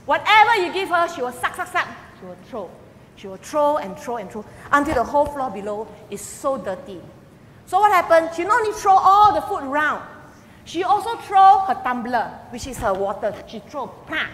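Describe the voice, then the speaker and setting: An older woman, a grandmother, preaching a sermon and telling family stories with animated, expressive delivery. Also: high-pitched, moderate pace. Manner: animated storytelling, acting out quoted voices. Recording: long hall reverb, faint background noise.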